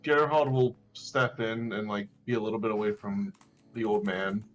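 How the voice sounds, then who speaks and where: A man playing a tabletop game, talking in a polite, measured way. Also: fairly low pitch, fairly even intonation, faint music behind, poor audio. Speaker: player. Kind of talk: tabletop role-play.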